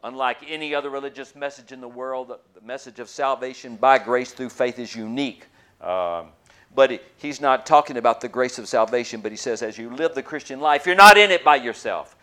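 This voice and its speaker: A man preaching a sermon as pastor, emphatic, swinging between loud and soft, asking rhetorical questions and pausing on uh and um. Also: mid-range voice. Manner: frequent hesitations with uh and um.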